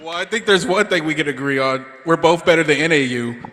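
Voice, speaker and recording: A man's voice: on the high side, a little fast, a bit bright, big-room sound, a faint crowd, slight background noise. A man emceeing a banquet in a teasing, laughing, casual way. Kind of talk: live emcee banter. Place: large banquet hall.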